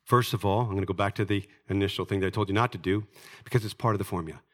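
A middle-aged male pastor preaching a sermon, telling scripture stories dramatically and swinging from loud, emphatic peaks down to hushed, low lines. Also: fairly even intonation, very fast.

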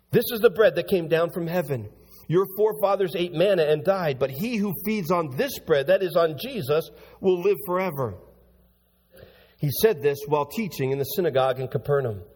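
A man preaching a sermon as pastor, swinging from hushed, low passages to loud, high-pitched bursts as he reads and explains scripture. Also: breathy edge, long reverb tail. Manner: animated preaching with big swings in pitch and loudness.

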